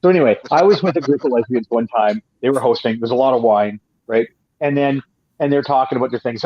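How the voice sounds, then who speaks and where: A man's voice: medium pitch, fast, no echo, lo-fi sound. A man from Canada, a guest telling long profane stories in casual chat, with many restarts. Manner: profane, rambling, frequent restarts.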